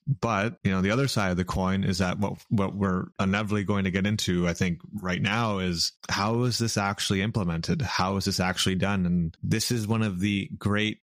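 Deep-voiced man, dry close sound. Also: dry recording. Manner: thoughtful, measured, some filler words. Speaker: podcast co-host. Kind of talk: reflective conversational commentary.

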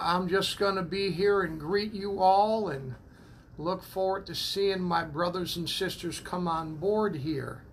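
A high-voiced man with a gravelly edge welcomes viewers of a church livestream, taking his time between names. He fills the gaps with amen and praise the Lord, talking casually into a phone, with faint noise behind him. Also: a bit bright. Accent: New England. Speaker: church minister greeting online viewers. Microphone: phone propped up.

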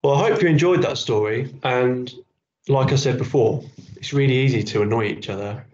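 A man leading a school assembly and reading a children's story aloud in an expressive storytelling manner. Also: mid-range voice, a little fast, slight background noise. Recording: echoey, dull school hall recording.

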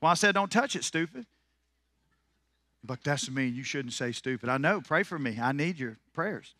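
A man preaching a sermon as pastor, animated and joking, swinging from loud declarations into quiet asides. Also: mid-range voice, brisk, no room sound, clean studio sound. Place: church sanctuary.

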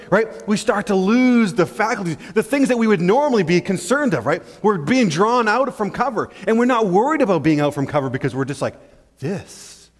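A male pastor preaching a sermon in an animated way, acting out little scenes and often checking in with "right?". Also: high voice. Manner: animated, acts out scenes, keeps asking "right?". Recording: long church-hall reverb.

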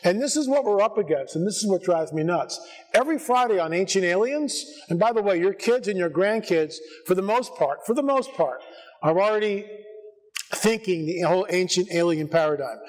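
An American man giving a lively church conference talk, full of sarcastic asides and bursts that climb to near-shouts. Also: sits high, a little fast. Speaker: conference speaker. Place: church sanctuary before an audience.

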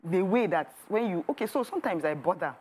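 An earnest Nigerian woman on a talk show panel, circling back over her point. Her voice is low. There is faint noise in the room. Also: animated, quick pace, darkish tone. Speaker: co-host. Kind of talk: casual panel chat.

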